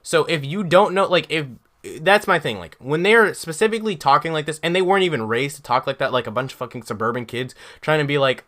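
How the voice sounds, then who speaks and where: A man's voice: a little high, animated, a little fast, fairly bright tone. A man co-hosting a casual podcast chat, emphatic and profane as he makes his point. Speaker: podcast co-host.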